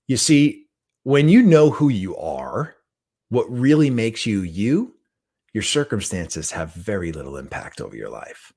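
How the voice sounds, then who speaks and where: Middle-aged man, motivational trainer, storytelling, lowish voice, lively delivery. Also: measured pace. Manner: animated, conversational, often asks "right?". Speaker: guest trainer and speaker.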